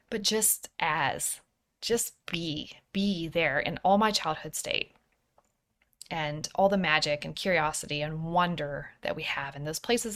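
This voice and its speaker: A woman in her thirties hosting a personal podcast, speaking softly and thoughtfully, sometimes dropping to a whisper. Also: lowish voice. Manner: soft-spoken, introspective, slips into whispers. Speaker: podcast host. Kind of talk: personal reflective podcast monologue.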